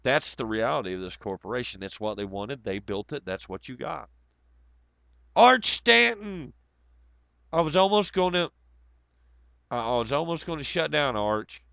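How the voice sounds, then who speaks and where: A man rambles through a late-night livestream, sardonic and profane, his voice hoarse and worn down. Underneath the strain the tone stays smooth and even. The recording is dry and a little dull, as from a basic home mic. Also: fairly low pitch, fairly quick, few pauses, no room sound. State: hoarse, voice nearly gone. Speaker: livestream host. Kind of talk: casual livestream chat.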